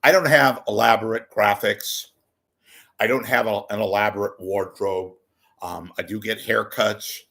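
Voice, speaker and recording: The voice is a man's: fairly low, steady in tone, with vocal fry and a fairly bright quality, delivered at a measured pace. He's a commentary vlogger at home before a TV monitor, rambling through jokey, profane asides to the camera and breaking into silly voices.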